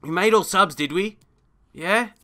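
A young man commentating his own football video game, excitable and quick to rant in frustration. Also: high-pitched. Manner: excitable, swings into frustrated shouting and rants. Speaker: gaming YouTuber. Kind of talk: live gameplay commentary.

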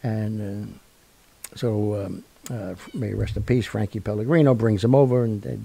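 A man's voice: fairly low pitch, steady tone, moderate pace, creaky, mellow, breathy edge. A man hosting a radio show, chatting casually in a rambling, joking way. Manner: rambling and jokey, full of fillers and asides. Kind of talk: casual sign-off chat.

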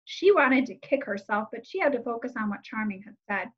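A woman calmly reading a children's novel aloud. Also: a little high, fairly quick, hardly any pauses, breathy edge. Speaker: reader. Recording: slightly muffled lo-fi recording.

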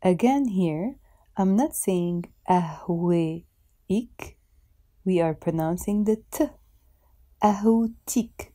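A woman's voice: lowish voice, slow pace, pauses often, dark tone. A woman with a Lebanese accent teaching a language lesson, speaking carefully and repeating words so they can be pronounced. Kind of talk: slow instructional lesson.

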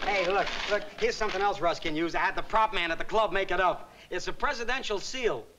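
An actor playing an eager, jokey middle-aged nightclub manager in a 1960s sitcom, on an old, hissy TV soundtrack. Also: male voice, sits high, fairly quick, close to an everyday voice.

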